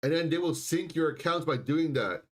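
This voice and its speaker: Guy hosting a live stock stream, kinda high voice, keeps repeating himself and clearing his throat. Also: animated, normal speed. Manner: insistent, repetitive, frequent throat clearing. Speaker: livestream stock and crypto host. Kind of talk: live market commentary.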